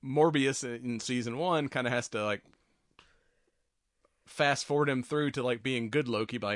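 A man hosting a podcast in a loose, joking way, with frequent laughter. His voice sits at an ordinary middle pitch. The recording is dry and close, with no room echo. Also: measured pace, long pauses. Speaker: podcast host. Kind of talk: casual chat.

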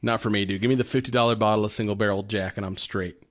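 A man co-hosting a casual podcast chat, talking in a relaxed, rambling way with frequent restarts. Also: lowish voice, very fast, no room sound, clean studio sound. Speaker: podcast co-host. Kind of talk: casual chat reviewing beer.

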